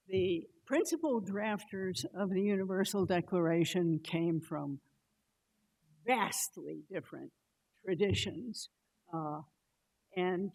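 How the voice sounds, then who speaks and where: A woman speaker answers an audience question at a lecture. She takes her time, speaking slowly and deliberately, at a middling pitch. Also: dark tone, poor audio. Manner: deliberate, considered. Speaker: guest speaker.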